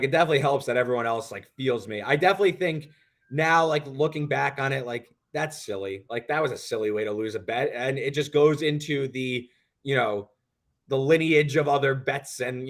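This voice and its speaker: A young man co-hosting a sports betting show, telling a long story in an animated, rambling way. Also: mid-range voice. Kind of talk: casual podcast chat.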